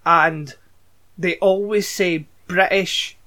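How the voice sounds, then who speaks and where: A man's voice: high-pitched, steady tone, takes it slowly, bright, forceful tone. A Scottish man co-hosting a casual podcast, reading plot recaps with dry, blunt asides. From Scotland. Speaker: podcast co-host.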